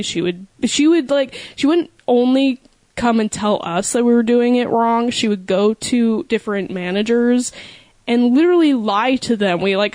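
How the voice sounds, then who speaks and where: A woman's voice: medium pitch, darkish tone, no room sound. A woman in her twenties co-hosting a podcast, telling stories in a rambling way with many fillers. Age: 20s. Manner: rambling, filler-heavy storytelling. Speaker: podcast co-host. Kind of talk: casual podcast chat.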